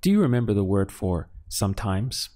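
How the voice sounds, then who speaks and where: A man teaching a language lesson step by step, patiently asking questions, pausing for answers and sounding out syllables. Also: fairly low pitch, very animated, mellow. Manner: patient, asks questions then pauses for answers; spells out syllables slowly. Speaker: Spanish teacher.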